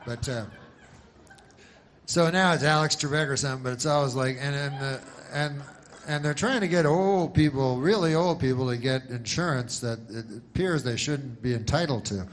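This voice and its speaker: A middle-aged male comedian telling a rambling, deadpan comedic story, meandering with many fillers. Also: mid-range voice, slight background noise.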